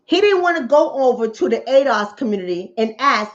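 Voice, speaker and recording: A woman tells a political fable on her own channel, jumping into character voices as she goes. Her voice sits high and swings widely in pitch. The recording is slightly dull and lo-fi. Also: moderate pace, few pauses. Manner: animated storyteller acting out characters' lines. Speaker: channel host, relationship coach. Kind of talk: political commentary told as a fable.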